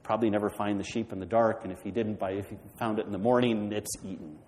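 A man's voice: lowish voice, steady tone, fast, a little mellow, in a large hall, a little hiss or hum, poor audio. A man preaching a sermon, retelling a story and putting questions to the congregation. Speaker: pastor.

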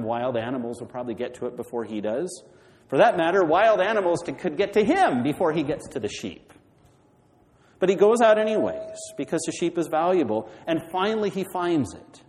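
A man's voice: medium pitch, darkish tone, big-room sound, rough recording. A man preaching a sermon, retelling a story and putting questions to the congregation. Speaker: pastor.

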